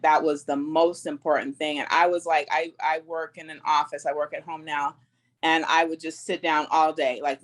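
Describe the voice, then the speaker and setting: A woman speaking as a podcast guest, a gym client talking candidly and casually. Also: deep voice. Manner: candid, open, casual with fillers. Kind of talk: casual interview answers.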